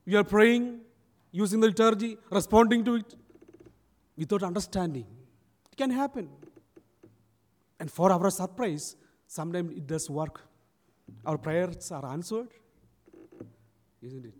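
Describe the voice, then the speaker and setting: A man's voice: high-pitched, a little slow, pauses often. A man preaching a sermon, telling a story and acting out its people. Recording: long church reverb.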